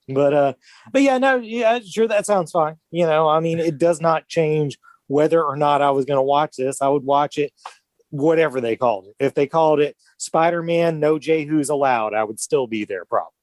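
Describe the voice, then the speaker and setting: A man's voice: a little high, normal speed, a little mellow, no echo. A man on a podcast, chatting casually and making jokes. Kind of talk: casual chat.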